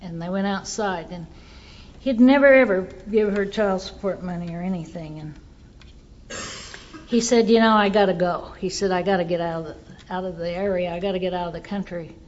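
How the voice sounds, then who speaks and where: A woman's voice: lowish voice, normal speed, darkish tone, lo-fi sound, slight background noise. A woman giving a personal recovery testimony, telling her story earnestly and voicing the people in it. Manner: earnest storytelling, quotes others in dialogue.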